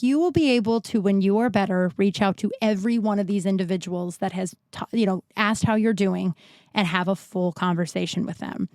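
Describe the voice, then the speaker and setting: A woman's voice: medium pitch, a little mellow, dry recording. Tired, rambling woman podcaster, dry sound. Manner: rambling, self-interrupting, candid with swearing. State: sick and tired. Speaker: podcast host. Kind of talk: casual solo podcast chat.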